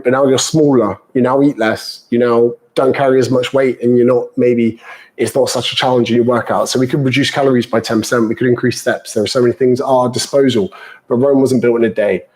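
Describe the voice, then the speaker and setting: A man's voice: mid-range voice, fairly even intonation, a little fast, darkish tone, poor audio. A British man, a fitness coach, answering viewer questions live in a chatty, banter-filled way and calling people mate.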